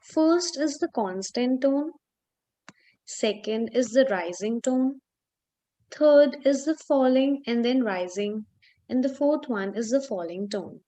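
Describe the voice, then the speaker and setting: A woman walks a student through a Chinese lesson, speaking slowly and carefully. Her voice sits a bit high, and she pauses often with small fillers as she explains. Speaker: Chinese tutor. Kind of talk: online language lesson.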